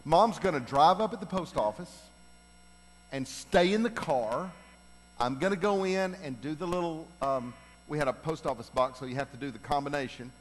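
A middle-aged man telling humorous family stories to a congregation, animated and building to loud, laughing punchlines. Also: fairly high pitch, normal speed. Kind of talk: humorous personal storytelling. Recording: long reverb of a large hall.

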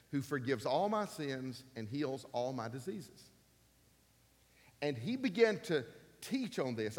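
A man in his fifties preaches emphatically, repeating key phrases and climbing to loud, forceful peaks. His voice sits fairly high, and it rings with the long reverb of a church hall. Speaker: pastor. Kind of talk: sermon.

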